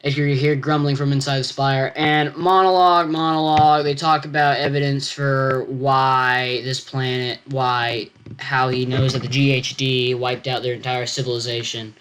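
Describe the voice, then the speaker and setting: A man's voice: medium pitch, level tone, a bit bright, clean tone. A teenage boy reading his own science fiction story aloud, stopping often to comment and explain. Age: teens. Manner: halting, self-interrupting, comments on own text.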